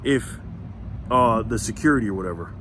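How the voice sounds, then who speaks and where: A man's voice: fairly low pitch, lively intonation, fairly quick, noisy background. A man vlogging in a casual storytelling rant, defiant and confrontational, retelling a run-in with laughs along the way. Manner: defiant, confrontational, says so himself.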